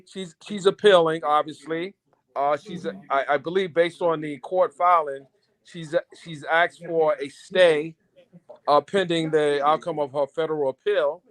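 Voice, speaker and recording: Man, high-pitched, caller guest, relaxed, confident. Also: unhurried. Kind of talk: casual call-in chat.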